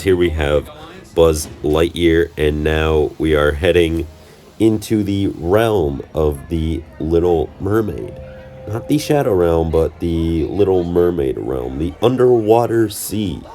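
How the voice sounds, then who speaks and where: Young male vlogger, low-pitched, loose joking voice-over with plenty of stumbles. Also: warm tone. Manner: rambling, jokey, self-correcting. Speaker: channel host. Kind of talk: casual vlog commentary over trip footage.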